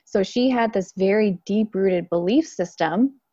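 A woman talking as an interview guest, telling stories in an animated way and acting out quoted lines. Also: medium pitch, unhurried, dry recording, highs cut off. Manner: animated storyteller, acts out quotes. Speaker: guest, Akashic Records consultant. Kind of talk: casual interview chat.

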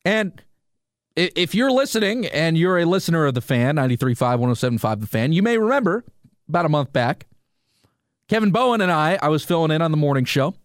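A man's voice: on the high side, a little fast, no echo, studio quality. A man hosting a solo sports podcast, ranting with rhetorical questions and talking straight to his listeners. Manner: animated, rhetorical, talks to listeners directly. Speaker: sports radio host.

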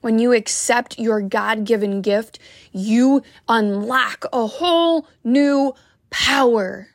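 A woman's voice: fairly high pitch, slow, no room sound, studio quality. A woman wellness coach giving a heartfelt, emphatic motivational talk to the camera.

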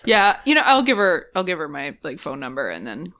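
A woman's voice: low voice, very animated, a little fast, bright, forceful tone. A woman playing a tabletop role-playing game, talking hesitantly with many fillers. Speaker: player. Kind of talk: tabletop role-play chat.

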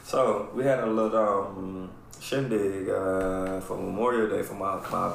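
A man's voice: low-pitched, measured pace, gravelly, a little hiss or hum. Profane storytelling man, echoey room. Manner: profane, animated, keeps asking "right?". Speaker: podcast host. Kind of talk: casual storytelling chat.

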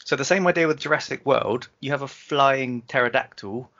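A man's voice: medium pitch, normal speed, fairly bright tone, muffled recording. A British man co-hosting a podcast, joking and swearing as he riffs on stories. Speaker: podcast co-host. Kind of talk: casual banter.

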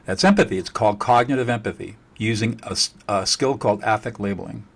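A man speaking as a guest expert on communication, blunt and forceful, repeating words for emphasis and cursing at times. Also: on the low side, fast talker, creaky, husky. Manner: slightly profane. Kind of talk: emphatic conversation.

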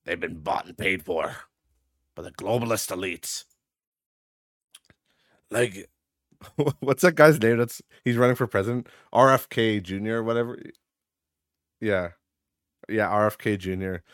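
A man hosting a casual solo podcast, sarcastic and profane, laughing at his own jokes and getting loud and high when he rants. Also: a little slow, long pauses, no room sound, clean studio sound. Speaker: podcast host.

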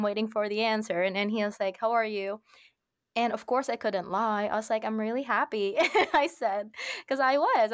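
A woman guest on a podcast tells a personal story in a chatty, animated way, acting out every line of the back-and-forth. Her voice sits in a middle range and sounds dry and close, with no room echo. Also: mid-range voice. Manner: animated, quotes herself and others, frequent laughs. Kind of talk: casual storytelling.

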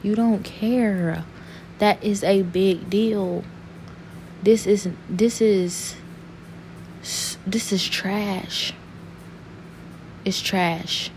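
A young woman talking to camera in an earnest, saddened personal monologue, halting and restarting as she searches for words. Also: medium pitch, fairly even intonation, darkish tone, slight background noise. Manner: rambling, halting, full of restarts and fillers.

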